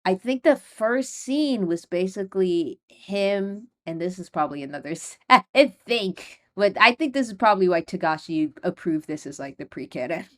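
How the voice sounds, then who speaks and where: A woman's voice: medium pitch, animated, moderate pace, a bit bright. A young woman hosting her own podcast, talking casually and rambling, with many fillers and frequent nervous laughs. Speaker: podcast host. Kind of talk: casual solo podcast talk.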